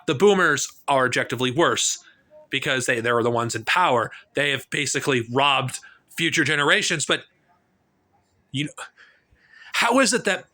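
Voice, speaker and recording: A fired-up man in his thirties rants at his camera, his high voice swinging widely up and down. He sounds bright and forceful, swearing freely and stumbling over restarts as the frustration pours out. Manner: heated, profane, halting with frequent restarts. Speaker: political vlogger. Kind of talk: angry political rant to camera. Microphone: camera mic.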